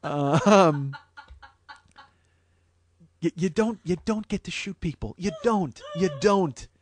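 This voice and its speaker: High-voiced man ranting with profanity. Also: takes it slowly, a little hiss or hum. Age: 40s. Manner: profane, heated ranting with loud outbursts. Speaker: comedy podcast host. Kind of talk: comedic podcast rant.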